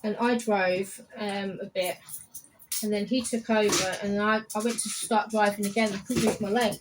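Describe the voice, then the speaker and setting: A woman's voice: mid-range voice, steady tone, normal speed, over music, rough recording. A woman in her fifties, a salon client, chatting casually and telling rambling stories. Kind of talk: casual chat. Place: barbershop.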